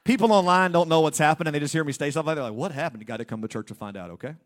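Brief: male pastor, fairly high voice, playful sermon in church. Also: very fast. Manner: playful, joking asides to the congregation. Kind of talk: humorous sermon.

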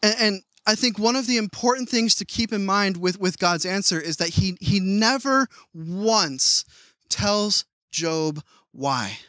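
A man's voice: sits high, lively intonation, measured pace, sharp tone, no room sound. A man preaching a sermon in a conversational way, often restarting his words. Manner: conversational, frequent stammered restarts. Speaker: pastor.

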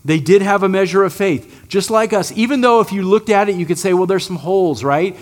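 A man's voice: sits high, a little fast. A man preaching a sermon as pastor in a church, talking conversationally and checking in with the congregation with frequent asides.

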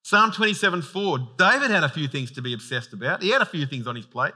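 Bright, lively-voiced pastor. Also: male voice, on the high side, quick pace. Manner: conversational, animated preaching with humorous asides. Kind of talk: sermon.

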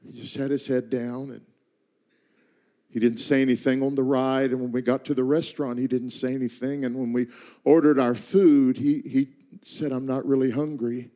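A middle-aged pastor telling a personal story in a sermon, moving between quiet, slowed narration and rising, impassioned intensity. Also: male voice, little pitch movement. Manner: builds from hushed, slow narration to impassioned, high-pitched intensity.

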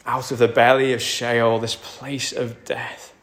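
This sermon comes from a male pastor with a medium-pitched, fairly bright voice, speaking unhurriedly in a flat delivery. He still rises to emphatic peaks and falls to near-whispers.

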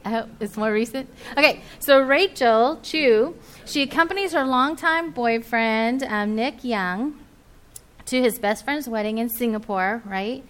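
A young woman speaking to a church group in a chatty, animated way, with many fillers. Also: fairly high pitch, measured pace, clean tone. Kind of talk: casual sermon talk to a group.

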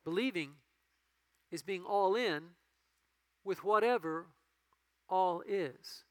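A male pastor giving a conversational sermon that rises to emphatic peaks and drops to quiet storytelling. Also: high-pitched, slow, no echo, poor audio.

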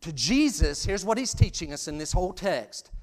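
A man preaching a sermon in a conversational, self-deprecating way, dropping to hushed asides and rising to loud, emphatic peaks. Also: sits high, sing-song, normal speed. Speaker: pastor.

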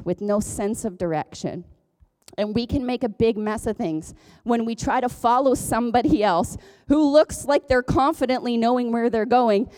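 A woman's voice: mid-range voice, warm tone. A woman pastor giving a conversational sermon, chatty and self-deprecating, joking as she goes. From Ontario, Canada. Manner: chatty, self-deprecating, jokes and laughs often.

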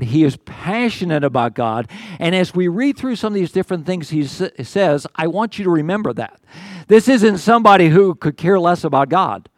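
An older pastor with a voice high for a man delivers a sermon in an earnest, conversational way, stumbling and restarting as he works through his points and acting out quotes of the psalmist. The recording is dry and close, with almost no room sound.

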